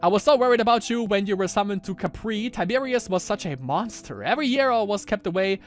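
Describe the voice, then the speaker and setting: A man putting on a higher voice to play a clingy, possessive young Roman noblewoman, pleading and theatrical. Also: animated, fast talker, faint music behind. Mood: worried.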